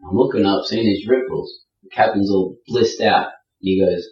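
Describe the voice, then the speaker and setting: A man's voice: fairly low pitch, normal speed, hardly any pauses. A man telling a sailing anecdote in a casual, vivid way. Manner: animated, vivid storytelling. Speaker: guest storyteller. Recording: roomy, distant and dull.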